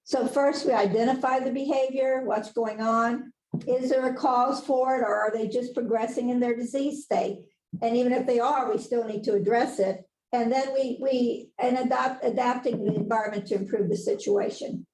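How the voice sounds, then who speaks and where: A woman's voice: on the high side, fairly even intonation, moderate pace, a little mellow, reverberant, low-quality recording. A woman presenting a conversational webinar lecture as a nurse educator, in a chatty, folksy way, laughing at her own asides.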